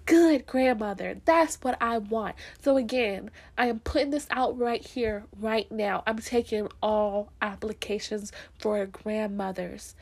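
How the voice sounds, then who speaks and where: A woman's voice: a little high, unhurried, few pauses. A young woman from Florida talking straight to camera in a casual, heartfelt monologue, earnest and emphatic, repeating her points and laughing easily. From Florida, USA. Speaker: vlogger.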